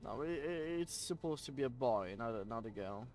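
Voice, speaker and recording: Playful French streamer, lively voice. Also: male voice, mid-range voice, normal speed, slight background noise. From France. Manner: playful, laughs often, bantering with chat. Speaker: game streamer. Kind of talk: casual live-stream chat with viewers.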